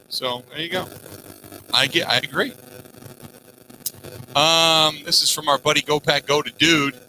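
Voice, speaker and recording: Bright, animated sports radio host. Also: male voice, on the high side, measured pace, pauses often, slight background noise, rough recording. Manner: animated, reads listener messages aloud, rambling asides. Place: outdoors at a golf course.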